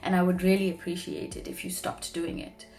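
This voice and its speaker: Young woman vlogger, earnest and heartfelt, lowish voice, faint music under her. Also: flat delivery, a little fast, darkish tone. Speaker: marketing professional. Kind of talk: personal reflective talk to camera.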